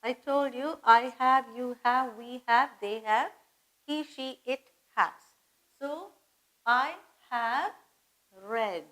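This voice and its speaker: A woman teaching English grammar, slow and patient, repeating phrases and spelling words out letter by letter. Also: fairly high pitch, pushed and bright, rough recording. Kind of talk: grammar lesson.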